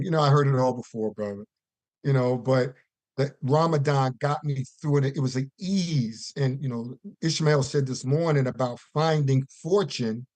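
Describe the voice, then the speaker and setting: A man's voice: medium pitch, a little mellow, no room sound. Guy on a conference call, heartfelt preachy testimony, dry sound. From US East Coast. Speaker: caller.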